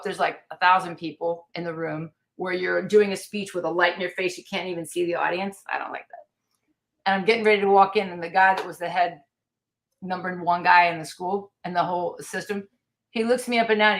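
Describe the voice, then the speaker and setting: A woman's voice: lowish voice, a little fast. A middle-aged American woman, a taekwondo master and podcast guest, telling stories with energy and acting out the lines of people she quotes. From United States. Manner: lively storyteller, acts out quoted lines. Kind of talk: storytelling in a podcast interview.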